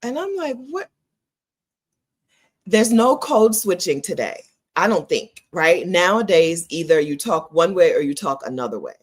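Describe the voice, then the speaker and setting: A middle-aged woman from the United States talks to her viewers in a casual, opinionated vlog. Her voice sits on the low side but swings widely in pitch. She is emphatic, repeats phrases to drive her point home, and breaks into laughter often. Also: lively intonation, normal speed, slightly rough. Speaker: vlogger.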